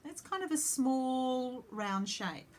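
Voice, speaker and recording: A woman's voice: high-pitched, expressive, takes it slowly, soft background music. A woman singing teacher explaining vowel shapes, breaking off to sing short demonstration vowels. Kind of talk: vocal lesson with sung demonstrations.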